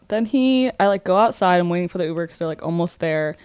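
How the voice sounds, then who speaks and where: A woman's voice: on the low side, clear, resonant tone, no echo. A young woman in her twenties, co-hosting a podcast, telling a wild story in casual chat with lots of "like" and swearing. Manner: fast, animated, swears a lot, says "like" often. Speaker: podcast co-host.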